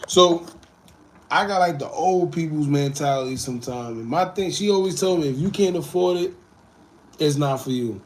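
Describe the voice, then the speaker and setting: A man's voice: medium pitch, slight background noise. Laid-back man chatting on a livestream. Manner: laid-back, animated, swings between loud and muttered asides. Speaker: livestream host. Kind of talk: casual livestream chat reading comments.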